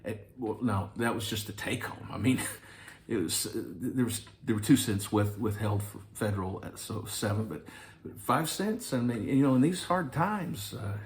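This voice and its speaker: A man's voice: lowish voice, animated, normal speed. A man from Arkansas, an actor, telling a wry, self-deprecating story about an audition. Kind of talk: anecdotal storytelling.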